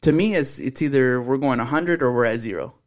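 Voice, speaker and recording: A man's voice: medium pitch, fairly quick. Young male podcast co-host with a mid-range voice, blunt and profane, casual storytelling. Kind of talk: casual chat.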